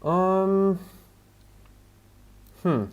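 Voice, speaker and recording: This live streamer has a high-pitched, clear, resonant voice and stretches out his words, though the audio sounds dull. Trying out design software on a laid-back stream, he thinks aloud under his breath and replies to chat between tasks. Relaxed music plays in the background.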